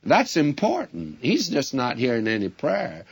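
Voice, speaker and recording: A man's voice: medium pitch, huge pitch swings, a little slow, creaky, husky. A man preaching a sermon as a Bible teacher, speaking earnestly and addressing his listeners directly as friends. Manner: storytelling with quoted dialogue.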